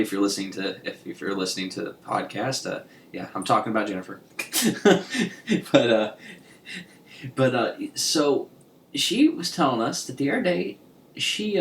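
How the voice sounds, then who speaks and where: A man co-hosting a podcast, chatting casually and rambling through stories with lots of restarts and laughs. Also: lowish voice. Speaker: podcast co-host. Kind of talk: casual chat. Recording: echoey room with faint hiss.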